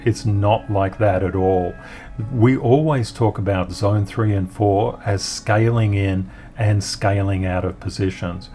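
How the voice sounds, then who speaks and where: A man's voice: on the low side, a little mellow. A man hosting an upbeat market chart commentary, talking in an encouraging way and cheering the charts on. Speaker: crypto market analyst host.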